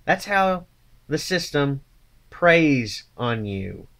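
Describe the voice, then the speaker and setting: A man's voice: a little high, big pitch swings, drawn-out words, vocal fry, a bit bright. A man ranting angrily to his channel, contemptuous and swearing constantly. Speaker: channel host. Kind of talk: angry profane rant to camera.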